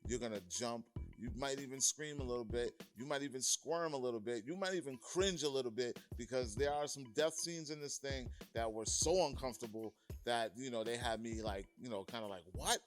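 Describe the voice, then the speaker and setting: A man from Massachusetts with a mid-range voice reviews a film in a casual video, talking a little fast with few pauses. His loose, chatty style is full of fillers and restarts, and his enthusiasm is obvious. Faint music plays behind him.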